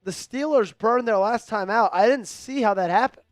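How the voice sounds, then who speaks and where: A man's voice: high-pitched, normal speed, no echo, faint music behind. A man hosting a fan live stream, running a raffle and calling plays from a game in a casual, hyped way. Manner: hypes donors and raffle, calls the game. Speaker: livestream host.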